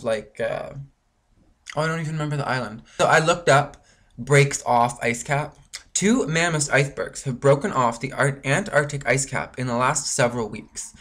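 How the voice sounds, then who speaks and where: A man's voice: medium pitch, fairly bright tone. A man from Canada ranting angrily in a rambling vlog monologue, full of swearing and filler words. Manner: frustrated, profane, rambling with many fillers. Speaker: vlogger.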